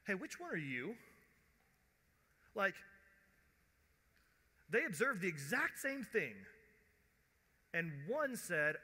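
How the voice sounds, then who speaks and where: A man preaching with a bright, forceful, fairly high voice, talking to the room like a conversation and slipping into quoted voices. His sermon rings out with a long reverb tail from a big church hall. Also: animated, moderate pace, long pauses. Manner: conversational preaching, acts out quoted voices, drops to a hush at emotional points. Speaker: pastor.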